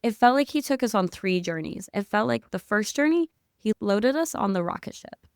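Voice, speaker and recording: A woman guest on a podcast, telling a story in excitable casual chat with lots of "like" and spiritual talk. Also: mid-range voice, moderate pace, gravelly, clean tone, no echo, clean studio sound.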